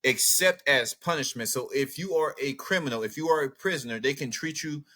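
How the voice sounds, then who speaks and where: An outspoken man talks through a news reaction in loose, animated commentary. His voice is bright and forward at a mid pitch, and he muses aloud while he looks things up. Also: brisk. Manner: animated, outspoken, thinks aloud while browsing maps and texts. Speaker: commentary channel host.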